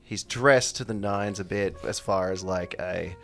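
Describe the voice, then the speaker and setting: A man's voice: deep voice, a little slow. A man narrating as game master of a tabletop game, casual and swearing often.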